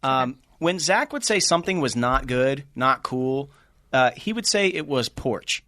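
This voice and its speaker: A man in his forties co-hosting a casual podcast chat, playful and quick with teasing asides. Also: medium pitch, lively intonation, bright, forceful tone, no echo. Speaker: podcast co-host.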